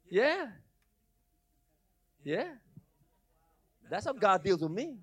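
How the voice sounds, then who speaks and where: A man preaching a lively sermon, acting out voices, breaking into shouts and laughing often. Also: sits high, drawn-out words, pauses often, husky, dry recording. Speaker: pastor.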